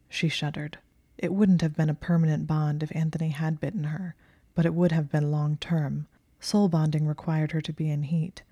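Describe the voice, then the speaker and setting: A woman narrating a story in a soft, hushed, breathy reading. Her voice sits low and stays even, with a dark, mellow tone. The recording is close and dry. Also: normal speed, few pauses, no echo. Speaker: audiobook narrator.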